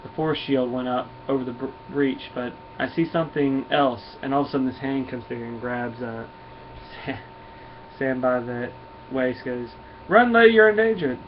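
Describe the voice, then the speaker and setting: A man with a Southern US accent reviews a comic casually and rambles through the plot with restarts. His voice sits at a middle pitch for a man. The recording is dull and lo-fi, with a faint hiss. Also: little pitch movement, normal speed.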